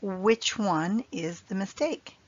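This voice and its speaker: A woman teaching an English grammar lesson, speaking clearly and repeating example phrases for learners. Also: mid-range voice, expressive, slow, muffled recording.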